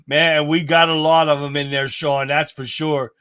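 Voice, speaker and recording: A livestream host with a fairly high, steady, fairly bright voice reacts to clips and talks with viewers in a folksy, exclaiming way. He keeps a measured pace, and the recording has no echo.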